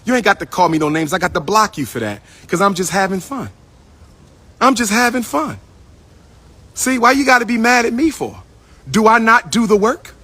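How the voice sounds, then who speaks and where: A man hosts a casual livestream, speaking straight to his viewers. His voice sits high and bright. He repeats phrases in a playful, sing-song way and calls out to the people watching. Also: lively intonation, normal speed, breathy edge. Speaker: livestream host. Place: indoors at his school building.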